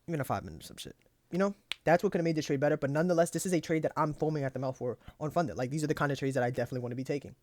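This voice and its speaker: A man's voice: fairly high pitch, racing, a little mellow, no echo. A young man casually reviewing his trades aloud, cursing freely and talking himself through frustration. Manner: profane, frustrated self-talk, pep-talks himself. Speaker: trading journal host.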